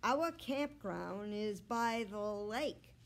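A woman voicing a small, eager male dog who squeals his lines in a very high voice. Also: expressive, very slow. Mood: excited. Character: lost little male dog, cheerful and eager.

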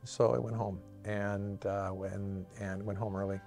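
Gravelly-voiced man recalling his past. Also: fairly low pitch, little pitch movement. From Washington State, USA. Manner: earnest, reflective, halting with frequent restarts. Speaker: storyteller sharing his life story. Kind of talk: personal testimony told from memory. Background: soft cinematic music.

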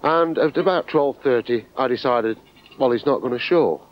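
A man from England recalling seeing a concert as a fan, speaking in an excited, emphatic way outdoors by the venue. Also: medium pitch, normal speed, lo-fi sound, slight background noise. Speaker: fan interviewee. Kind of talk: enthusiastic reminiscing interview.

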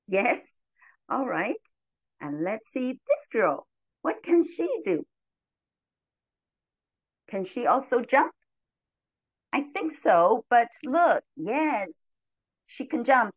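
In a lively classroom session for young kids, a woman training teachers runs a model English lesson, speaking slowly, clearly, and cheerfully with big upward pitch jumps on commands. There's no echo, though the audio quality is poor.

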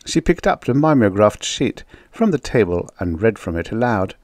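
A man's voice: fairly low pitch, sing-song, darkish tone, dry recording, studio quality. Man narrating a vintage sci-fi story. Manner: measured storytelling delivery. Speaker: audiobook narrator.

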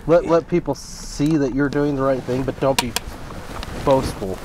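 A man co-hosting a casual religious podcast, talking haltingly and slipping in dry joking asides, recorded outdoors. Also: medium pitch, fairly even intonation, recorded from a distance, noisy background. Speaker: podcast co-host.

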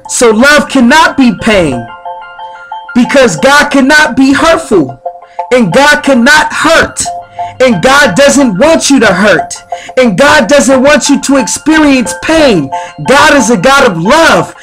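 A man leading guided spiritual affirmations in slow, repetitive, chant-like phrases. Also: extremely high pitch, sing-song, fairly bright tone, faint music behind. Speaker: spiritual speaker.

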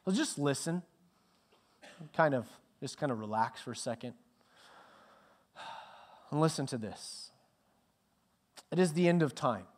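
A middle-aged male pastor preaching a sermon with dramatic swings from loud emphasis to hushed near-whispers. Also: mid-range voice, lively intonation, unhurried, long pauses.

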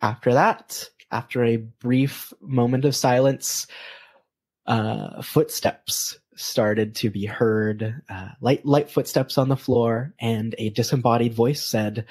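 A man's voice: mid-range voice, steady tone, slow pace, a little mellow, breathy edge. A man hosting a podcast, telling a story casually with many hesitations. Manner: hesitant, many ums and restarts. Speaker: podcast host.

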